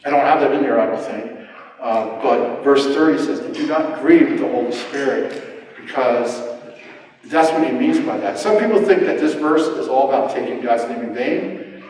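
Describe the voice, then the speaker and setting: A man preaching a casual, animated sermon to his church, acting out quotes in sudden voice jumps and poking fun at himself. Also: medium pitch, moderate pace, a little hiss or hum. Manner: animated, self-deprecating, acts out quotes with voice jumps. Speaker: pastor. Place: church hall. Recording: roomy hall, mic at a distance.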